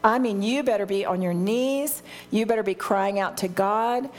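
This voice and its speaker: A woman's voice: medium pitch, moderate pace, a little mellow. Older lady teaching bible study, heartfelt and earnest, keeps restarting her sentences.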